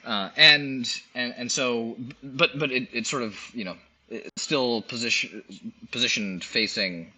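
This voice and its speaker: A man narrating as game master of a tabletop game, halting with many restarts. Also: medium pitch, sharp tone, rough recording.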